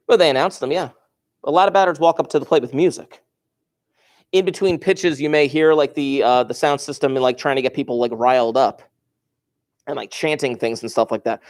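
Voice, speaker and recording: A man's voice: medium pitch, a little mellow. A male teacher talks casually to his class, wandering off into stories and asking the students questions. He moves around the classroom as he talks, so his voice sometimes drifts away from the microphone. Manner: chatty, digressive, asks the class questions. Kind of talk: classroom lecture, storytelling.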